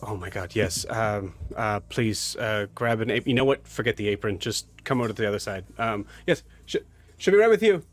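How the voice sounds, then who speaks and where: A frazzled barkeeper woman, swamped with orders and grateful for any help, as a man puts her on. She talks in a hurried, scattered rush, in a fairly low voice. It reads as a tabletop role-play scene. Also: expressive, lightly acted. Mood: flustered. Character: flustered, overworked barkeeper woman.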